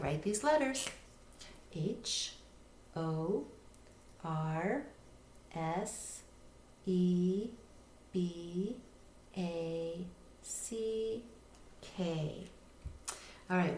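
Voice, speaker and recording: A woman's voice: lowish voice, a little mellow. A woman teaching a reading lesson, patiently spelling words out letter by letter. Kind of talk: recorded phonics lesson. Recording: echoey room with faint noise.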